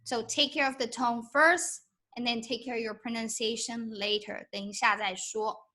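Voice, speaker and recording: High, bright-voiced teacher woman. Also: fairly even intonation. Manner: slow, patient, mixes English with Mandarin, models tones by humming. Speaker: Mandarin teacher. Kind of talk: live-streamed language lesson.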